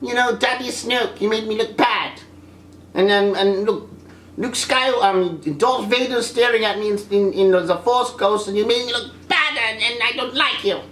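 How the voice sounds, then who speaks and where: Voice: medium pitch, normal speed, fairly bright tone, roomy sound, slight background noise, voice pushed up, close to an everyday voice, rough recording. A reviewer putting on a petulant young male villain who complains in a whiny, mocking tone. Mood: whining.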